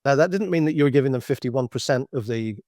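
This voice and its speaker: A middle-aged man walks through a business presentation like a consultant, explaining patiently and slipping into anecdotes, often restarting his phrases. His voice sits at an ordinary male pitch. The sound is dry and close, with no room around it. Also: expressive, quick pace, a little mellow, dry recording. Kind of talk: slide-based business presentation.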